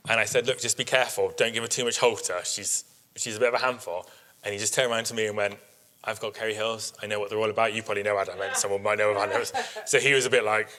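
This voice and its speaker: A man, a sheep breeder, giving an informal workshop talk to an audience, chatty and quick to act out what people said, laughing often. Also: fairly low pitch, bright, forceful tone. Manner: chatty storyteller, acts out quotes, laughs often. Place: live workshop in front of an audience.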